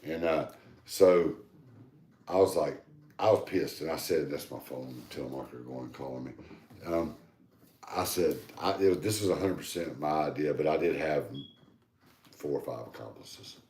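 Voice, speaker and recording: A man co-hosting a podcast, telling a loose, rambling story in a casual, animated and profane way. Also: very deep voice, a little slow, pauses often, slight background noise. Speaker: podcast co-host. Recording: echoey room.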